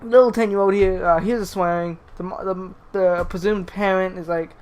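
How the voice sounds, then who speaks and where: A man's voice: high voice, fairly even intonation, moderate pace, a little mellow, clean tone. A young man commenting on clips, swearing constantly and stumbling over his words as he restarts them. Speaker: YouTube commentator. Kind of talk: profane rant commentary.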